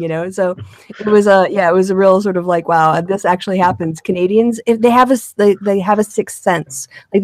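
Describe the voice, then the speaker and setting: A woman's voice: mid-range voice, a little mellow, no echo. Tired woman rambling in a casual chat, dry close sound, trails off a lot. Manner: chatty, laughs often, trails off mid-sentence. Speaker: podcast host.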